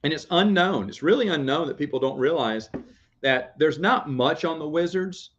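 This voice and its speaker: A man's voice: on the high side, lively intonation, moderate pace, slight background noise. A young man chatting casually on camera, rambling, laughing often and breaking off to talk to his baby. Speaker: vlogger. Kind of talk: casual chat. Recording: dull lo-fi sound.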